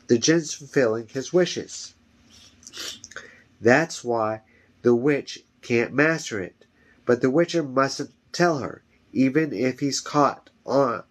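A man voicing a calm, knowing lawyer in a home story reading, measured and explanatory. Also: medium pitch, lightly acted.

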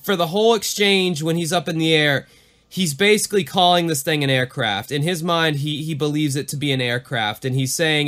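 Animated man hosting a mystery podcast. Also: fairly high pitch, a little fast. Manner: animated, leaning into the creepy parts. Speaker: podcast co-host. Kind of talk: casual podcast chat and reading.

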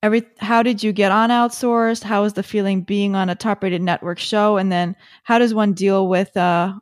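A woman interviewing an actor, friendly and quick to laugh along. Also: medium pitch, fairly even intonation, dry recording, clean studio sound. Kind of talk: interview questions.

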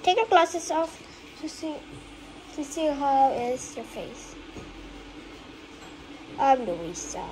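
A woman acting out a family pretend play, moving between soft whispers and excited high calls. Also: slow pace, pauses often, soft background music, poor audio.

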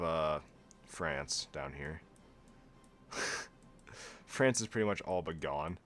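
A young man giving casual, sarcastic gameplay commentary as a video host, often laughing at himself and going deadpan when joking. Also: low voice. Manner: flat monotone when joking.

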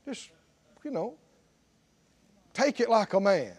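A man's voice: high-pitched, sing-song, slow, pauses often, darkish tone, breathy edge. A middle-aged man preaching a sermon as pastor in a church, emphatic and calling out to the congregation. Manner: emphatic, call-and-response preaching.

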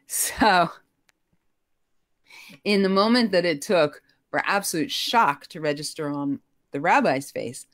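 Middle-aged woman, low-pitched, lively storyteller, dry close sound. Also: slow, long pauses, no echo. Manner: animated, expressive, rising pitch when emotional. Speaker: guest telling her story. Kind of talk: conversational storytelling.

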